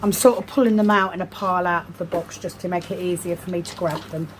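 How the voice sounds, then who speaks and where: A woman vlogging in casual chat while sorting craft supplies at home, self-deprecating, slowly murmuring numbers to herself. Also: fairly low pitch, fairly even intonation. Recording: noisy background hiss.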